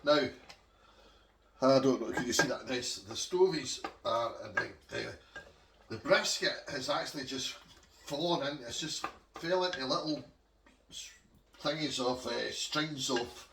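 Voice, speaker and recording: A man's voice: mid-range voice, expressive, takes it slowly, gravelly, long pauses, echoey room, recorded from a distance, noisy background. Chatty Scottish man cooking at home. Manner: chatty, homely, talks to viewers as he cooks. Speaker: home cook vlogger. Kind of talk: casual cooking demonstration. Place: home kitchen.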